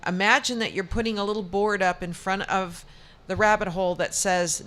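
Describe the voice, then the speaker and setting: A woman's voice: mid-range voice, fairly even intonation, normal speed, a bit bright. A woman giving a tarot reading as a show guest, chatty and reassuring, often restarting her sentences. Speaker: psychic reader.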